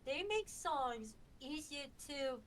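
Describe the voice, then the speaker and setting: A woman hosting a livestream in casual chat, excitable and swearing, often tripping over her words. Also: high-pitched, slow pace. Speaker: livestream host.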